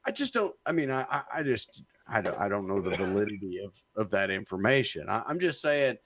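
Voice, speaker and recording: A man's voice: on the low side, big pitch swings, brisk, fairly bright tone, no echo. A man co-hosting a podcast in casual political discussion, hesitant and repeating words as he searches for them.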